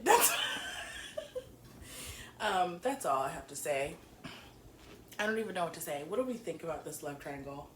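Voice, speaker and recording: A woman's voice: low voice, expressive, normal speed, pauses often, very noisy. Giggly woman in an echoey room. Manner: giggly, chatty, often breaks into laughter. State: slap-happy and sleepy early in the morning. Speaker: TV show reviewer. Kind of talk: casual recap review.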